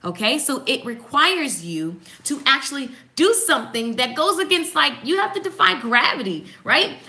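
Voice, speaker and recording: A woman hosting a casual morning devotional. She reads passages aloud and comments on them in an animated, preachy way, speaking straight to her viewers. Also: high-pitched, normal speed, gravelly, few pauses. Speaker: host giving a morning devotional.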